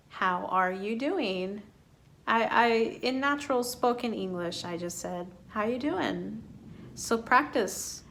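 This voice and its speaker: A woman teaching an English lesson online, speaking slowly and clearly in an encouraging way. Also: medium pitch.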